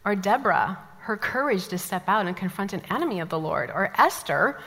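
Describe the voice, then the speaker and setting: Bright-voiced woman teaching in a hall. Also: mid-range voice, a little fast. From American Midwest. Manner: animated storytelling, lively asides. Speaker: women's Bible study teacher. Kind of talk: Bible teaching talk. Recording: long hall reverb.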